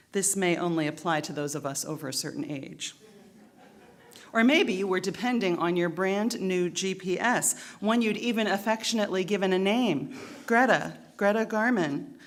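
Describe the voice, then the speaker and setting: A middle-aged woman pastor reading scripture and then preaching a sermon, with dramatic pauses. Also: on the low side. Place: church sanctuary.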